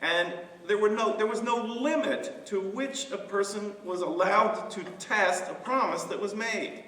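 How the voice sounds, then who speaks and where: Male pastor, slow and halting, bright tone, mic set far off in a reverberant church. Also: sits high. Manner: halting, many fillers and restarts. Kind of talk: Bible study discussion. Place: church sanctuary.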